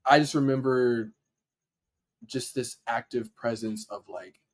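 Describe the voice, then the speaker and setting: This podcast guest, a young dancer and editor, talks at an unhurried pace in a medium-pitched voice. His storytelling is relaxed, with some swearing and voiced impressions of what others said.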